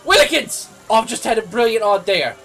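Cast a woman as a smug, wealthy gentleman in a radio sketch, swooping delivery. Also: on the high side, animated, moderate pace, faint music behind. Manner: posh, theatrical, giddy. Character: pompous wealthy young English gentleman, oblivious.

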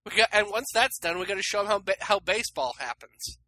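A man co-hosting a comedy podcast, chatting casually with quick sarcastic quips and free swearing. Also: sits high, expressive, pushed and bright. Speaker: podcast co-host.

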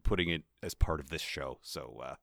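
A man co-hosting a podcast in casual chat, laughing often and slipping into quick character voices. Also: a bass voice, vocal fry, no room sound, studio quality. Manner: chatty, laughs often, lively voice impressions. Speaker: podcast co-host.

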